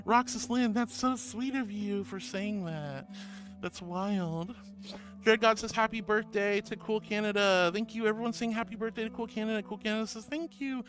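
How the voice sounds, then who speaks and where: A woman's voice: mid-range voice, normal speed. A woman with an American accent streaming live, reading chat aloud in a sweet, doting, giggly way. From born in Australia, raised in the US. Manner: sweet, doting, calls viewers sweetie and honey; giggly and bubbly. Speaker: VTuber streamer. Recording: background music under the voice.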